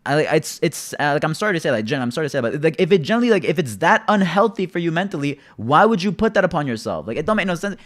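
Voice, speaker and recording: A young man streaming, talking casually to his chat in an exasperated, rambling rant full of filler words. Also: fairly high pitch. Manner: exasperated, rambling, peppered with "bro" and "like".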